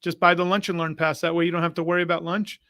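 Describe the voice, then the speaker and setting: Energetic male guest, slightly high, bright voice; lively storyteller. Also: racing, no room sound. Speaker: conference organizer, guest. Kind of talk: casual livestream chat.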